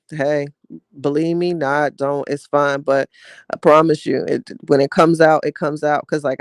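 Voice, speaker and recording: Candid man hosting a live chat, gravelly voice. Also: fairly high pitch, dry recording, clean studio sound. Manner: candid, talks straight to viewers. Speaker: podcast host reading live chat. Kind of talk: casual livestream storytelling.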